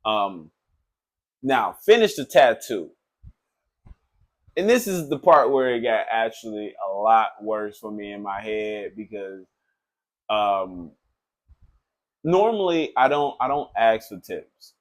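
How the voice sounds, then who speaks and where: A man who works as a tattoo artist, telling a story in a loose, animated, profane way, full of filler phrases. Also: lowish voice, slow pace, long pauses. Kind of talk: casual storytelling.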